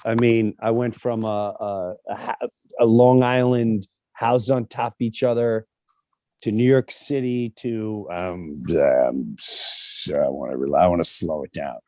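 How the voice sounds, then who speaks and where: A middle-aged man telling stories in a casual interview over a video call, animated and acting out the people he quotes. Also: fairly low pitch, measured pace, no echo. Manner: animated storytelling, acts out quoted voices. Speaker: comedian interview guest.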